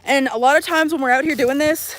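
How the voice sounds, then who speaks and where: A young woman vlogging to her phone outdoors at a campsite, chatting in an animated, profane, jokey way. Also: high voice, slight background noise. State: out of breath. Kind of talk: casual chat to camera.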